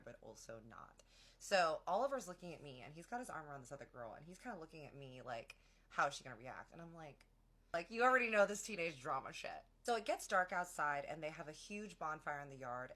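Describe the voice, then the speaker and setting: A young woman casually telling a long personal story, chatty and slangy, acting out what everyone said. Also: low-pitched. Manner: chatty, animated, acts out quotes of friends; slangy, many "like"s.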